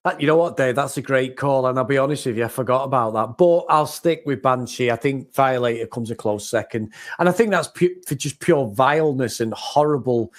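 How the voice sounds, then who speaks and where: A young British man co-hosting a podcast, animated and laughing often as he chats. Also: medium pitch, fairly quick, few pauses. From Britain. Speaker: podcast co-host. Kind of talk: casual chat.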